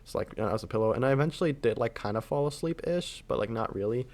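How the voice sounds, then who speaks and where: Young man, casual storytime, rambling, filler-heavy, middle pitch. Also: animated, quick pace, a little mellow. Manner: rambling with constant filler words.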